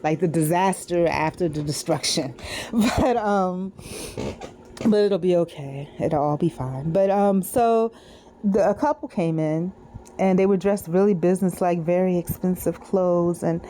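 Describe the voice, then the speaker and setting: A middle-aged woman recording a personal video diary, musing softly and drifting from topic to topic with many fillers. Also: fairly low pitch, measured pace, a little hiss or hum. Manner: digressive, soft-spoken, musing with many fillers. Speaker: vlogger.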